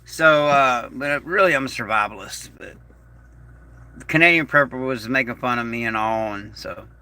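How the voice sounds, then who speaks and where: A man hosting a casual livestream in a slow, rambling, folksy way, reading out viewer messages. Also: mid-range voice, sharp tone, a little hiss or hum. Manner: slow, rambling, folksy, reads chat aloud. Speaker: YouTube channel host.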